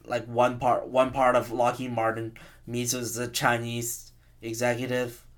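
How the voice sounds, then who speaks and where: A man's voice: mid-range voice, monotone, unhurried, a bit bright. A man in his twenties, host of a podcast, ranting casually in a rambling, profane, self-mocking way. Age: 20s.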